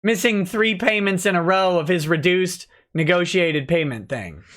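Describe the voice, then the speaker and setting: A man's voice: high-pitched, normal speed, fairly bright tone. A man hosting a casual livestream, joking and rambling while reading out chat messages. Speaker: livestream host, lawyer.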